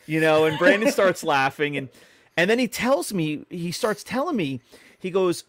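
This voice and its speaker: A man's voice: on the high side, sing-song, a little fast, fairly bright tone, dry recording. A middle-aged man co-hosting a podcast, telling stories in a chatty way with many fillers and restarts. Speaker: podcast co-host. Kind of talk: casual podcast chat.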